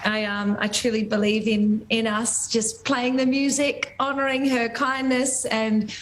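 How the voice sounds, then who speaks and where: A woman with an Australian accent, emotionally raw, speaking in a halting, heartfelt way on a TV interview. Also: fairly high pitch, flat delivery, slight background noise, poor audio. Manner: halting, heartfelt, often restarts sentences. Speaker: guest singer.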